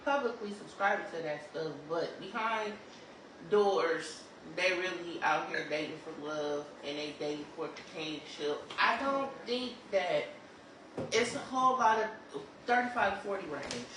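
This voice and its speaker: Thoughtful podcast voice in echoey room. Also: mid-range voice. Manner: thoughtful, measured, hesitant fillers. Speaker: podcast co-host. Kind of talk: casual chat. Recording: echoey room, far from mic, noisy.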